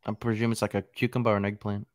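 Fast-talking young man, blunt and swearing. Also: fairly low pitch, flat delivery. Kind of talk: casual chat.

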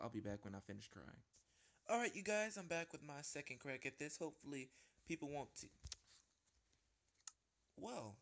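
A man giving live gameplay commentary at home, rambling and self-interrupting, jumping to squeaky panicked yelps and whiny pleading. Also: a bit bright. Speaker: gaming video host. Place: at home with a small dog.

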